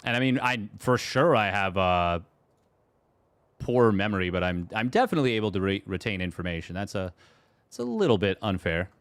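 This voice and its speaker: A man's voice: on the low side, sing-song, brisk, fairly bright tone, no echo. A man casting a strategy game tournament on a live stream, chatting with viewers and rambling through fillers and restarts. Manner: rambling, reads and answers chat, many fillers and restarts. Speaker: esports caster. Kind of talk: live stream commentary and chat.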